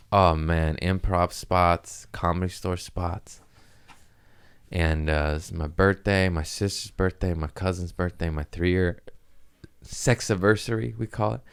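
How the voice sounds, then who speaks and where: A deep-voiced male comedian rambles through a loose, profane monologue on his podcast. His voice is low and smooth, and he keeps chuckling at his own jokes.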